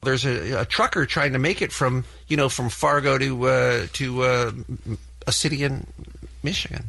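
A man's voice: medium pitch, normal speed, gravelly, dry recording. A man on the radio rambling, trailing off mid-sentence and laughing at his own slips. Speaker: radio host in replayed clips. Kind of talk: on-air morning radio chat. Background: loud music bed.

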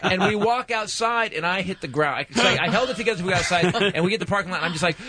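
A man's voice: sits high, racing, a crowd in the background. A middle-aged man, a comedian, telling rambling anecdotes on a radio show, often restarting his sentences. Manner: rambling, restarts, laughs at own stories. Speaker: comedian guest. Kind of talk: animated storytelling on radio.

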